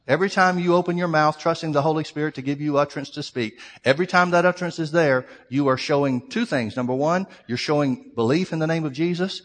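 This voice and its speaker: A man preaching a sermon to his congregation, reading scripture aloud and explaining it verse by verse. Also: fairly high pitch. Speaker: pastor. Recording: long hall reverb.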